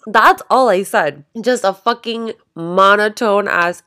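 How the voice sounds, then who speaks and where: A young woman from Canada, co-hosting a podcast in casual, expressive chat full of swearing. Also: mid-range voice, measured pace, few pauses. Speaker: podcast co-host.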